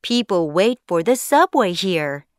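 A woman's voice: fairly low pitch, very animated, a little slow, dry recording, clean studio sound. Storybook role: woman reading a strict, caring father hair who scolds firmly. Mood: explaining. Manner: firm, scolding warnings. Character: stern father hair, protective.

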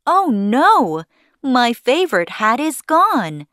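Storybook role: woman reading a fretful bald businessman, hushed and worried. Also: on the high side, sing-song, slow pace, no echo, clean studio sound, heavily acted. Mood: dismayed. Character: bald grown businessman, flustered.

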